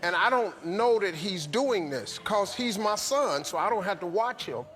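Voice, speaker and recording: Male guest, high for a man, exasperated comic complaints. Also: lively intonation, a little slow, a bit bright, soft background music. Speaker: talk show guest. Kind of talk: casual storytelling.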